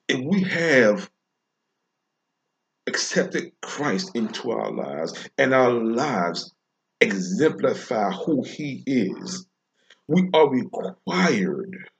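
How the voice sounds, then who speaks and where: Man, preaching slowly, repeats phrases for emphasis, informal sermon. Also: medium pitch. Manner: slow, repetitive, emphatic preaching with pauses.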